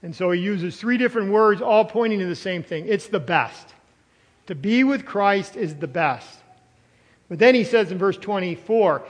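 An older man preaching a sermon as pastor, emphatic, stretching key words and swinging from loud to soft. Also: sits high, lively intonation, normal speed, long reverb tail.

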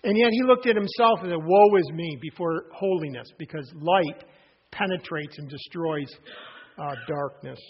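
A man preaching a sermon, earnest and emphatic, with restarts and pauses. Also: a little high, lo-fi sound, slight background noise. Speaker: pastor.

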